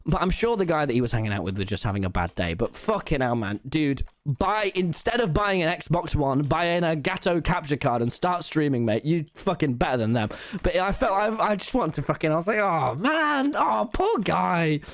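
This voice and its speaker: A teenage boy telling an animated, rambling story to an audience, swearing freely and restarting his sentences. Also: on the high side, a little fast, no room sound. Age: teens. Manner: excitable, rambling, swears a lot, frequent restarts. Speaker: streamer.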